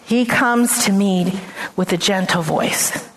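A woman's voice: mid-range voice, lively intonation, slow, slight background noise. A woman pastor giving an earnest radio sermon, stressing points through repeated phrases and often restarting her words. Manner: frequent restarts and stammered repeats.

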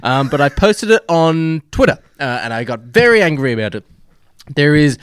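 A man hosting a casual podcast, chatty and animated, laughing often. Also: a little high, normal speed, clean tone, no room sound. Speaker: podcast host.

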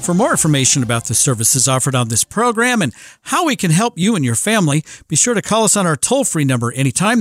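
A man's voice: a little high, very animated, fast talker, fairly bright tone, dry recording, studio quality. A middle-aged man hosting a radio talk show, chatting casually with many fillers and restarts. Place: radio studio.

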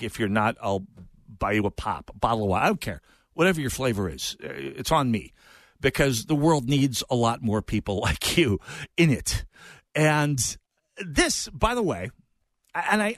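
A man's voice: mid-range voice, a bit bright, dry recording. A middle-aged man hosting an opinion talk radio show, talking in a digressive way with sarcastic asides.

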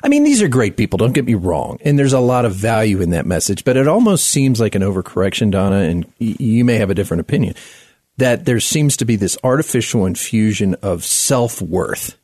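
A man hosting a radio talk show, chatty and lively, with plenty of fillers and restarts. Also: fairly low pitch, a little fast, dry recording, clean studio sound. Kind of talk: radio interview.

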